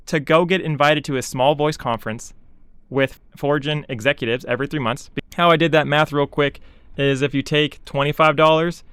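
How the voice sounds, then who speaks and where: A young man rants in sarcastic, exasperated commentary, mocking other voices in quoted asides. His voice sits a bit high and sounds smooth and clean. The recording is dry and close, with no room sound. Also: fairly bright tone, no echo. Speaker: VTuber commentator. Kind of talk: ranting commentary.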